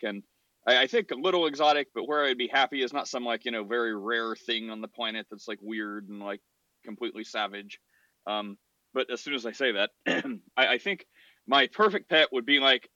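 A man's voice: mid-range voice, bright, forceful tone, no room sound. Chatty, rambling male podcast host. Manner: chatty, rambling, gets worked up. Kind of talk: casual podcast monologue.

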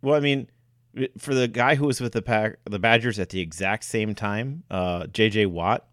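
A man's voice: lowish voice, normal speed, a bit bright, no echo, clean studio sound. A man co-hosting a sports podcast, talking football casually with frequent fillers and restarts. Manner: hesitant, many fillers and restarts.

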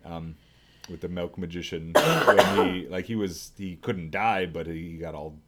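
A woman with an extremely deep, low voice, co-hosting a podcast in relaxed chat. She tosses out dry, deadpan jokes in a laid-back way. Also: a little slow. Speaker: podcast co-host. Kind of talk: casual chat.

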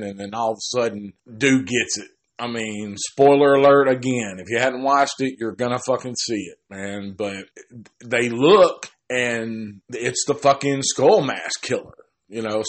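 Male film reviewer, casual and profane, loose rambling delivery with a middle-pitched voice, and he jumps into characters' dialogue on the fly. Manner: rambling, swears heavily, restarts often; acts out characters' lines in quick quoted asides.

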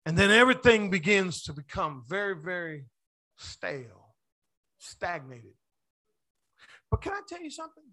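High-voiced preaching man. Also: very animated, moderate pace, pauses often. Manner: preaching with rising shouts, call-and-response to the congregation; playful asides and chuckles. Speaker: pastor. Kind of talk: sermon.

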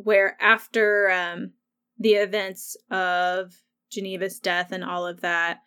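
A woman's voice: medium pitch, smooth. A young woman hosting a podcast, recapping a TV episode in a chatty way with frequent laughs. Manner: chatty, laughs often, animated asides. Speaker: podcast host. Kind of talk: casual show recap.

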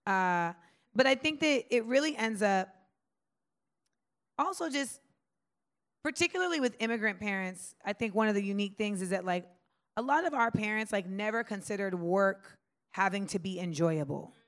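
A woman's voice: medium pitch, normal speed, pauses often. A woman in her forties in casual podcast chat, talking loosely with frequent "like" and "um" fillers.

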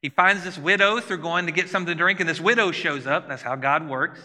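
Man, pastor, sermon, very bright and forceful tone, slightly high voice, chatty questions to the crowd, long church reverb. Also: brisk. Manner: conversational preaching, asks the congregation questions.

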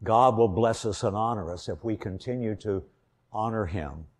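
An older man from Indiana preaching an earnest sermon, telling a personal story and swelling louder on key points. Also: lowish voice, normal speed.

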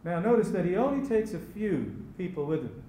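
A man preaching a sermon as pastor, slow and emphatic, repeating key phrases. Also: high-pitched, big pitch swings, dark tone. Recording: echoey room with faint ambience.

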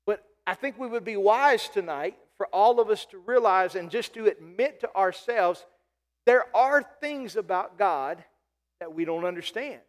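A man's voice: very high voice, big-room sound. A man preaching a sermon as pastor, emphatic, repeating key lines and calling out to the congregation. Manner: emphatic preaching with repetitions and call-outs to the congregation.

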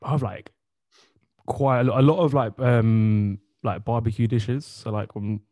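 A man's voice: mid-range voice, steady tone, measured pace, darkish tone, no room sound. A man co-hosting a podcast, chatting casually with lots of fillers and laughter. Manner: laughing, rambling with many fillers. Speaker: podcast co-host. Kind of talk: casual chat.

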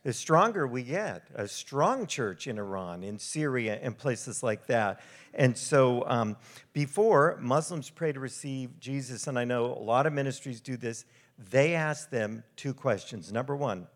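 A man's voice: medium pitch, animated, measured pace. Man preaching in a conversational storytelling way. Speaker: missionary ministry speaker. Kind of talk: storytelling sermon with slides.

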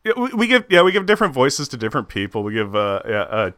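A man co-hosting a podcast in casual chat, animated and quick to laugh, with halting fillers. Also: medium pitch, dry recording, studio quality. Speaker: podcast co-host.

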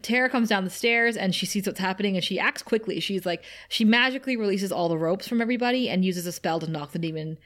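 A woman's voice: medium pitch, quick pace, hardly any pauses, a bit bright. Woman co-host, casual recap, lots of "like" and "um", mid-range voice. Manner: chatty, filler-heavy storytelling. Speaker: podcast co-host.

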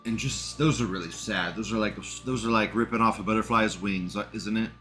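A man's voice: on the low side, a little fast, fairly bright tone, faint music behind. A man hosting a live stream, reading chat comments aloud and commenting in a rambling, indignant way, swearing and laughing often.

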